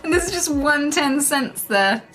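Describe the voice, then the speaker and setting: Giggly, swearing woman streamer, raised pitch. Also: animated, fairly bright tone, faint music behind. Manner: laughs often, swears freely, quick asides. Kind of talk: reading memes aloud and reacting on stream.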